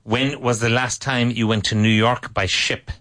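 A male English teacher leads a conversation class. He fires off drill questions, corrects students patiently and praises each right answer, in a voice of ordinary middle pitch. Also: fairly even intonation, normal speed, a bit bright.

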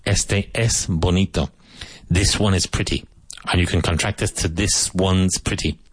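A man teaching English on the radio, repeating each phrase slowly so learners can copy it. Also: sits low, fairly even intonation, slightly rough, no echo. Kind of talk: radio language lesson. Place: radio studio.

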